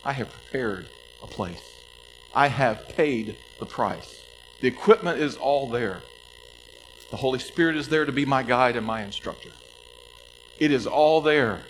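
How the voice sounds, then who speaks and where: Man, pastor, sermon delivery; emphatic with quiet pleading turns, mid pitch. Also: animated, slight background noise, rough recording. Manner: emphatic, slows down to stress scripture, drops to soft pleas.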